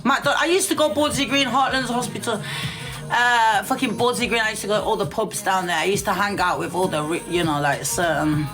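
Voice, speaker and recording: A woman's voice: medium pitch, a little fast, fairly bright tone, faint music behind. A middle-aged woman ranting on a livestream, brash and profane, calling everyone darling. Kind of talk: casual rant on a livestream.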